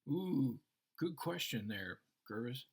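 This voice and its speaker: Speaking slowly in a mid-range voice with vocal fry, this man discusses faith informally as a Christian teacher. He's a lively storyteller who performs the different voices in his anecdotes while explaining Christian concepts.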